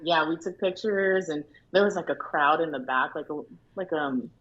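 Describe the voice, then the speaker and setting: A woman's voice: low voice, normal speed, fairly bright tone, lo-fi sound, a little hiss or hum. A young woman, a bride, telling her story as a guest in a casual chat, acting out the quotes and laughing often. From Filipino family in America.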